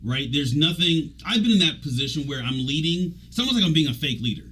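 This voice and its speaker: A man's voice: fairly high pitch, fast, low-quality recording. Chatty male radio host with faint noise. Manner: chatty, animated, trails off and restarts. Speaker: radio show host and executive coach. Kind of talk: casual conversational interview.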